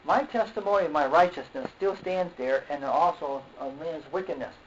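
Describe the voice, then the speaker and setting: A man preaching a sermon in a halting way, repeating words, often saying okay and clearing his throat. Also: on the high side. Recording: dull lo-fi recording with faint noise.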